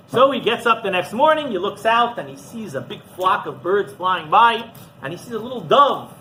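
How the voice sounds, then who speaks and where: A man, a rabbi, teaching a class through an animated story and often checking in with the listeners. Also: high voice, fairly quick, noisy background. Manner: animated storyteller who often asks "right?".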